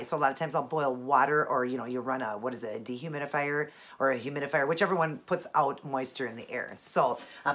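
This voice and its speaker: A woman's voice: deep voice, fairly bright tone, breathy edge. A middle-aged woman with a stuffy nose from allergies, chatting casually through her outfit, jewelry and makeup at home with many rambling asides. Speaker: fashion and beauty vlogger. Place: indoors at home.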